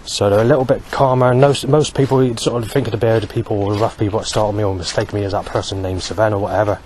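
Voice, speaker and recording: A man talking alone to camera in a rambling monologue, halting often to search for words. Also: lowish voice, steady tone, a little mellow, a little hiss or hum. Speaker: vlogger.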